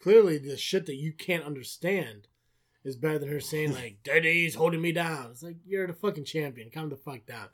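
A man's voice: a little high, animated, normal speed, a little mellow, slightly rough. A man co-hosting a podcast, recapping wrestling in casual chat, swearing often and sarcastic. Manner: profane, sarcastic, rambling. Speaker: podcast co-host.

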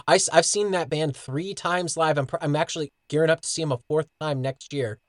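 Relaxed, earnest man, dry close mic. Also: a little high, a little fast, no echo. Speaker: podcast co-host. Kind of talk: casual chat.

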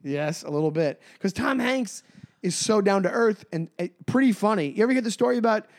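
A man co-hosting a comedy podcast, animated and quick to laugh, often stumbling and restarting his sentences. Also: sits high. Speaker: podcast co-host. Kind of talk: casual comedic chat.

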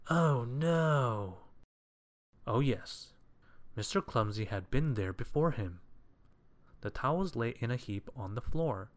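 A man reading a children's story aloud in a measured, expressive way. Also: medium pitch.

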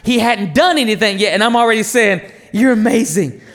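A man in his thirties preaches with a voice pitched very high for a man. His delivery is lively, with the pitch swinging widely. He pleads and asks the congregation questions. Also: fairly quick, big-room sound. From North Carolina, USA. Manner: passionate, animated preaching with rhetorical questions to the crowd. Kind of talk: sermon.

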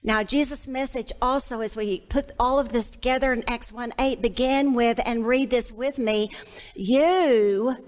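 A woman's voice: a little high, steady tone, moderate pace, hardly any pauses. A woman teaching the Bible to a live audience, emphatic and repeating key phrases for emphasis. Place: church hall. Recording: long hall reverb.

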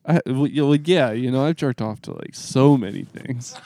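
A man's voice: medium pitch, moderate pace, dark tone, slight background noise. A man in his twenties co-hosting a podcast in casual banter. He is offhand and joking and often trails off mid-sentence. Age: 20s. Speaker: podcast co-host.

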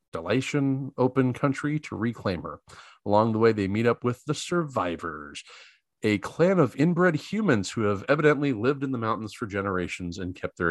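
A man's voice: medium pitch, fairly bright tone, dry recording, clean studio sound. A man co-hosting a casual chat, reading a plot summary aloud in a laid-back way, stumbling over names and laughing at them. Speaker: podcast co-host.

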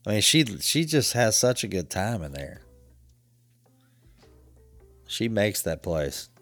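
A man's voice: fairly low pitch, sing-song, slow, a bit bright, no echo, faint music behind. A man co-hosting a casual chat, telling stories in a laid-back way and laughing often.

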